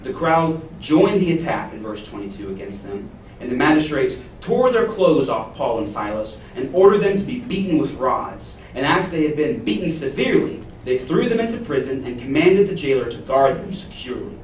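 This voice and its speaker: A man preaching a sermon, retelling a Bible story and acting out its characters' panic with lively emphasis. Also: medium pitch, normal speed, a little hiss or hum. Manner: expressive, acts out the jailer's panic in a paraphrase. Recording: echoey room, heard from a distance.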